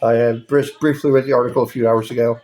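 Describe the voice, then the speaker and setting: A fast-talking man with a medium-pitched, darkish voice and little pitch movement hosts a podcast. In this profane monologue, he rants angrily, swears heavily, and mocks people with exaggerated voices.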